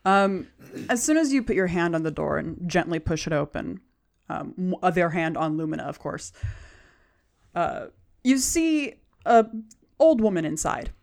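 Woman game master, low voice. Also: very animated, gravelly, darkish tone. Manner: unhurried descriptive narration. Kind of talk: narrating a tabletop game.

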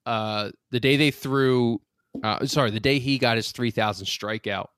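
A man's voice: mid-range voice, normal speed, a bit bright, smooth, no echo, studio quality. A young man casually telling rambling anecdotes on a podcast, with restarts and laughs. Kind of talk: casual storytelling chat.

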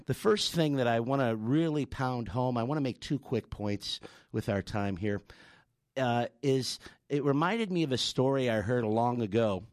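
A man hosting a radio talk show, speaking haltingly with fillers and restarts as he thanks his guest and the audience. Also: medium pitch, a little mellow, no echo, clean studio sound. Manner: halting, with many fillers and restarts, then telling a story.

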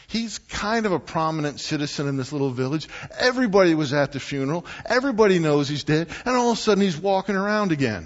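Male preacher, higher voice with lively swings, talks to the church like a friend, lo-fi church recording. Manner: animated, conversational, rhetorical questions to the congregation. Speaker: pastor. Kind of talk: sermon.

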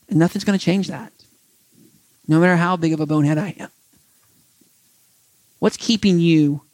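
Animated man preaching a conversational sermon. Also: sits high, dry recording. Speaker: pastor. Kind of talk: sermon with closing prayer.

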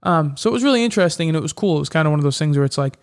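A man with a slightly higher than usual voice talks casually in an interview. He is a fighter who tells his stories fast and loosely. He fills his sentences with casual fillers. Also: lively intonation. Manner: chatty, quick storytelling with many fillers. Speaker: MMA fighter.

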